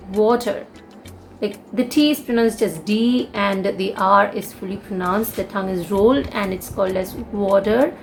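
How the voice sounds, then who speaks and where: A woman's voice: medium pitch, gravelly. A young woman with an Indian English accent, giving a casual English lesson and explaining things with many fillers and restatements. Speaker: English teacher.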